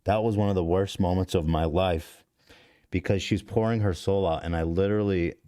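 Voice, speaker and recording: A man's voice: sits low, steady tone, normal speed, mellow, no echo, studio quality. A man hosting a podcast, telling a story in a rambling, profane, self-deprecating way with many restarts. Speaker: podcast host. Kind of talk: casual confessional podcast talk. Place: podcast studio.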